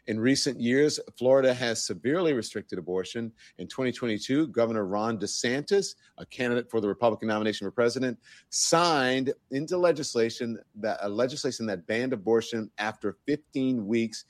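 A man's voice: medium pitch, brisk, dry recording. Male talk-show host, chatty and loose, dry studio sound. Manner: conversational, loose, restarts sentences. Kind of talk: news talk interview.

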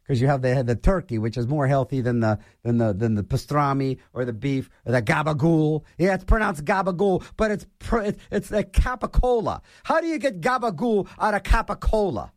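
A man's voice: on the high side, lively intonation, brisk, few pauses, dry recording, clean studio sound. A man from Pittsburgh hosting a show, delivering a playful, mock-argumentative comic rant.

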